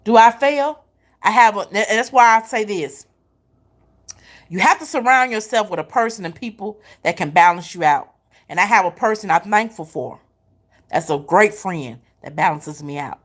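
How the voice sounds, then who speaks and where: A woman's voice: medium pitch, animated, moderate pace. A middle-aged woman giving a faith-based pep talk, repeating her points with emphasis and calling the listener baby and honey. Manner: emphatic repetition, folksy Southern-style phrasing. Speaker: motivational speaker.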